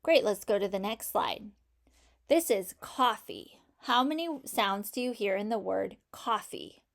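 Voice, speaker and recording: A woman's voice: medium pitch, animated, measured pace, creaky. A woman teaching a phonics lesson to children, patiently sounding out each sound in a word and praising answers.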